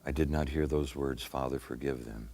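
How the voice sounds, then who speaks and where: A man's voice: a bass voice, fairly even intonation, normal speed, vocal fry, dark tone, exaggerated voice. A man performing a dramatic first-person monologue as a remorseful Roman centurion, telling his story earnestly and solemnly.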